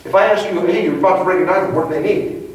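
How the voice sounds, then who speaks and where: A man giving an emphatic motivational speech at a sales training event, preachy and building to excited outbursts. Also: high-pitched, very fast, lo-fi sound. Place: large event hall. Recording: echoey hall recorded from far off.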